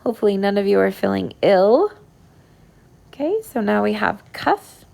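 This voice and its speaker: A woman's voice: mid-range voice, very animated, vocal fry, a little mellow. A woman teacher giving a recorded phonics lesson to young pupils, patient and sounding out each word. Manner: slow, patient, sounding out words. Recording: iPad whiteboard voice recording.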